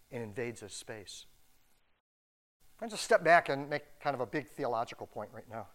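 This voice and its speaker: A middle-aged man preaching a sermon in a loose, conversational way, full of restarts and joking asides. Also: fairly high pitch. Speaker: pastor.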